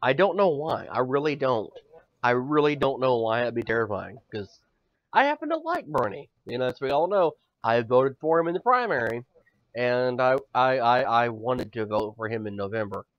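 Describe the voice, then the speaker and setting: A man's voice: mid-range voice, lively intonation, normal speed, no room sound. A man in his thirties co-hosts a casual comedy podcast. He is loose and profane and swings from mock bragging to joking gloom. The sound is dull and lo-fi, with a dry, close feel. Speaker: podcast co-host.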